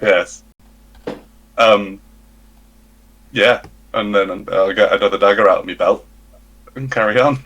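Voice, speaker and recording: A man playing a tabletop game, describing his character's attack in an animated, joking way. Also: lowish voice, a little slow, pauses often. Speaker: player.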